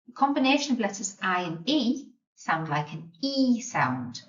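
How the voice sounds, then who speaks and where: A woman teaching a beginner language lesson over slides, explaining patiently and modelling each word slowly and clearly. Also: mid-range voice, sing-song. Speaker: German teacher. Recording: roomy, distant, slightly dull sound.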